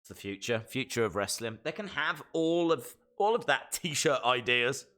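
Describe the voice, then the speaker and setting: A man streaming a live wrestling watch-along, reacting with jokes and sudden shouted mimicry. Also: mid-range voice, normal speed. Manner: animated, jokey, mimics wrestlers in shouted bits.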